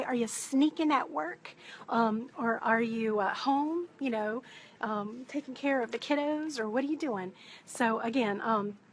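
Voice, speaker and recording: A woman speaks in a higher voice, talking softly and chatting through a live shopping stream. She greets her viewers one by one as they join, and her voice is picked up by a phone held in a busy indoor store. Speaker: wreath maker and business coach.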